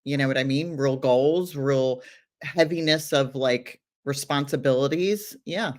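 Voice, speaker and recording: A woman's voice: a bass voice, unhurried, darkish tone. A middle-aged woman chatting on a podcast as co-host, a mother who laughs often and gives firm advice. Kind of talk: casual podcast chat.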